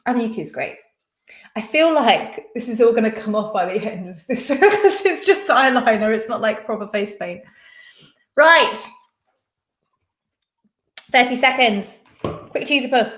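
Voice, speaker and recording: Young woman, quiz host on a live stream, bubbly casual chat, slightly high voice, roomy echo. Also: expressive, unhurried, long pauses, a bit bright. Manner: chatty, giggly, reads comments aloud.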